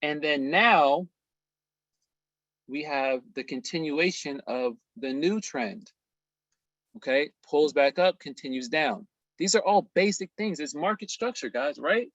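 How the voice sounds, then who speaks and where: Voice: medium pitch, expressive, measured pace, fairly bright tone, no echo, muffled recording. A trading instructor teaching a casual screen-share lesson, slangy and playful, stressing points and checking in with "okay?" over and over. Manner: slangy, playful, emphatic, asks "okay?" constantly.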